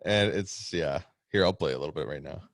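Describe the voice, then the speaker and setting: A man's voice: very deep voice, fairly quick, vocal fry, no echo, clean studio sound. A man co-hosting a podcast, telling a story in a rambling way, laughing often and swearing. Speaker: podcast co-host, pro wrestler. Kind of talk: casual chat.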